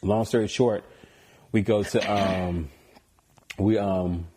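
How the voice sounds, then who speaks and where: A man's voice: lowish voice, fairly even intonation, takes it slowly, warm tone, husky. A man from the United States, a podcast guest telling stories in a casual, joking way and laughing often. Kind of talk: casual storytelling interview.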